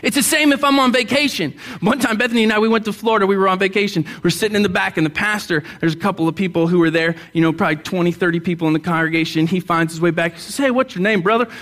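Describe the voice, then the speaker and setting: A man's voice: high voice, fairly even intonation, rapid-fire, hardly any pauses, a bit bright. A man pastor preaching a sermon in a church, talking bluntly and conversationally, joking with the congregation and getting them to answer aloud. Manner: asks the congregation to respond aloud.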